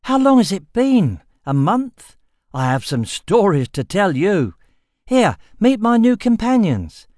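A man reads a cocksure young man in an audiobook, his voice jumping up high and bright with glee as he boasts about his new friends. The tone swings widely and eagerly, close and dry. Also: takes it slowly, no room sound, heavily acted. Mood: delighted. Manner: excited, boastful. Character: cocky swaggering young man, delighted.

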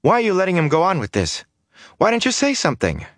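A man doing an indignant young woman, shrill, insistent, pitched far up. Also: huge pitch swings, quick pace, no room sound, clean studio sound.

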